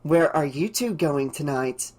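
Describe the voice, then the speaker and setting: A man's voice: a little high, lively intonation, measured pace. A man voicing a nosy, jealous teenage girl in an audiobook, chummy and prying. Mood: sly.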